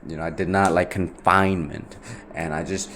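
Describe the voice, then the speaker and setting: Gravelly low-voiced young man from Nepal. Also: steady tone, moderate pace, fairly bright tone, a little hiss or hum. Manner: rambling, repeats himself, many fillers like "right?" and "like". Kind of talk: casual personal storytelling.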